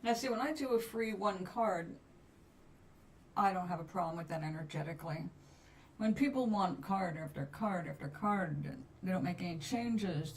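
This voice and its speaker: A woman hosting a live stream for viewers, chatting in a soothing, unhurried way with long pauses. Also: on the low side, a little mellow. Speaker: livestream host reading cards for viewers. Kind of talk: relaxed live chat with viewers. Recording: somewhat distant mic with faint background ambience.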